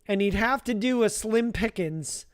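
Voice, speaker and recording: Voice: mid-range voice, unhurried. Chatty livestreamer talking to chat. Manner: chatty, talks to chat viewers by name; rambling with frequent restarts and self-amused laughs. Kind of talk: casual live gameplay commentary.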